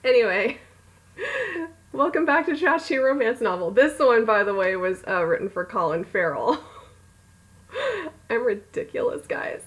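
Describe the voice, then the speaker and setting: A woman's voice: fairly high pitch, very animated, unhurried, long pauses, poor audio. A woman reading her own romance novel aloud at home, breaking off for giggly, rambling, self-mocking asides. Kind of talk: casual read-along with chatty asides.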